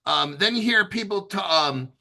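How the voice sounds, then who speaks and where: A man's voice: sits high, lively intonation, moderate pace, creaky, sharp tone. A man hosting a casual livestream, rambling and joking as he reads out viewer questions. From United States. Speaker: livestream host.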